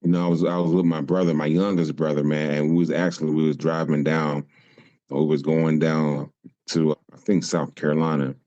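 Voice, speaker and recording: A man's voice: extremely low pitch, level tone, normal speed, dark tone. A man telling a road trip story in casual podcast chat, drawling and loading his talk with "man" and "you know". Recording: dull lo-fi sound.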